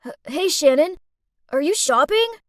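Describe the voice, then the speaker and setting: Woman playing a nervous dorky teen boy for an animated story, stammers, eager, loud and fairly high. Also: measured pace, no room sound, clean studio sound. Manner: stammering, excited.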